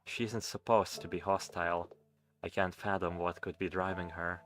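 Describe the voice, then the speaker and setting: Man reading calm young man, measured, soft, low voice, visual novel. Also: faint music behind. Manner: measured, gently warning. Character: calm, patient young man, caretaker type.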